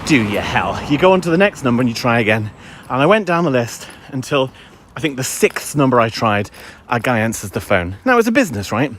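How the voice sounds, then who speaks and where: A man's voice: mid-range voice, sing-song, a little fast, a bit bright. Wry man chatting on a walk. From England. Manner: wry storyteller, mimics voices. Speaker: vlogger. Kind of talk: casual chatty live-stream ranting. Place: outdoors, walking a dog.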